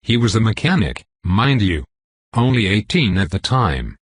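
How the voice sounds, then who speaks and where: A man's voice: on the low side, big pitch swings, normal speed, breathy edge, no echo. A man voicing a boastful, grouchy older male riverboat pilot with a Southern accent, rambling in a folksy, self-important way.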